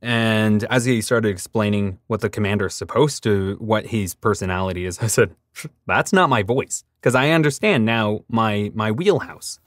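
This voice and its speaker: Low-voiced man telling stories, dry sound. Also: normal speed, fairly bright tone, no echo. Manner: storytelling, acts out conversations. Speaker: voice actor guest. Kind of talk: casual podcast interview.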